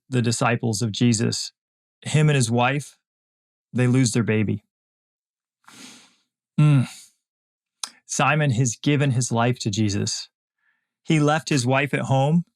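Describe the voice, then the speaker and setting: A man hosting a podcast, giving an earnest, emphatic motivational faith talk and repeating phrases for emphasis. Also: medium pitch. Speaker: podcast host.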